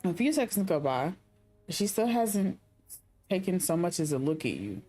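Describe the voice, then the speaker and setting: A woman's voice: lowish voice, sing-song, normal speed, warm tone, faint music behind. A young woman streaming a game, reading its narration aloud and adding chatty asides. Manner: chatty, speculative asides between read-out narration. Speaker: gaming streamer. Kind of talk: reading game text and chatting during a playthrough.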